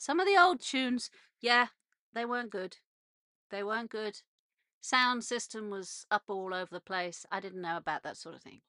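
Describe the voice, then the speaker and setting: A woman's voice: a little high, pushed and bright, dry recording, clean studio sound. Chatty British woman hosting from a boat. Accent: British English. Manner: chatty, meandering, frequent restarts and laughs. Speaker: radio show host. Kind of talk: rambling casual monologue. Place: narrowboat on a canal.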